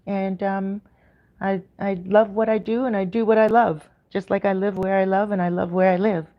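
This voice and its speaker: A woman's voice: medium pitch, flat delivery, moderate pace, highs cut off. Canadian woman rambling on a livestream. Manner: rambling, upbeat, many ums and restarts. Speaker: YouTuber hosting a livestream. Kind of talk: casual livestream chat.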